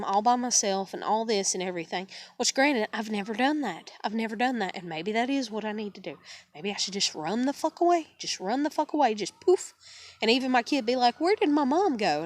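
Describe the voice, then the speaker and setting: A woman in her thirties venting to her viewers in a frustrated, stressed vlog, swearing often and sighing wearily. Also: mid-range voice. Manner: swearing, exasperated, trailing off into weary sighs. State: upset and stressed. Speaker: vlogger. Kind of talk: frustrated personal vent to camera.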